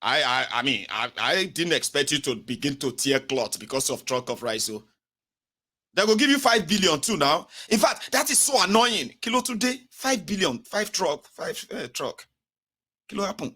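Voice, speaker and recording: A young Nigerian political commentator with a Pidgin-inflected accent delivers a mocking, animated satirical monologue at a moderate pace. He swings between loud rants and low mutters.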